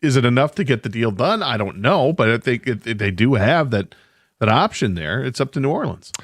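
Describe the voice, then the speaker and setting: Animated male radio co-host. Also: mid-range voice, brisk, dry recording, clean studio sound. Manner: animated, teasing banter. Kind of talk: casual sports talk radio.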